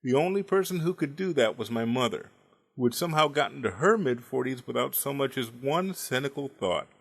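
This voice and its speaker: A man's voice: mid-range voice, expressive, a little fast, gravelly. A man in his forties telling comic family stories in a dry, wry way, timing his punchlines. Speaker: storyteller. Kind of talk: comedic storytelling monologue.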